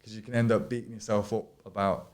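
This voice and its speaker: A man's voice: fairly low pitch, little pitch movement, fast, darkish tone. A man chatting casually as a podcast guest, rambling with lots of fillers and restarts and swearing freely. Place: studio.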